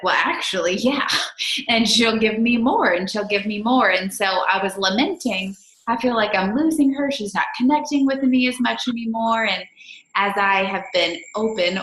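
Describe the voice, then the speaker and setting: A woman's voice: medium pitch, a bit bright. A mother on a coaching call telling a candid, reflective story about her family. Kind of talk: casual personal story. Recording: echoey room.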